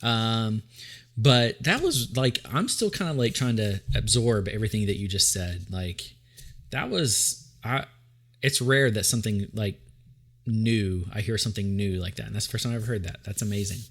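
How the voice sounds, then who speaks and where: A podcast host from Tennessee keeps the chat casual, playful and talkative, trailing off and restarting his sentences and breaking into sung jingles. His voice is fairly low and fairly bright, at a moderate pace.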